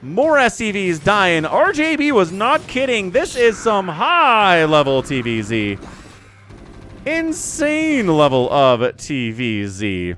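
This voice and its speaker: Animated male esports caster. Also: high voice, takes it slowly, slight background noise. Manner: animated, joking asides. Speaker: esports shoutcaster. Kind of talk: solo play-by-play game commentary. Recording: faint background music.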